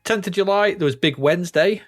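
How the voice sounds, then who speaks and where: A man's voice: high-pitched, a little fast, dry recording, studio quality. A man co-hosting a podcast in casual chat about retro films, wry, reading out film listings. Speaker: podcast co-host.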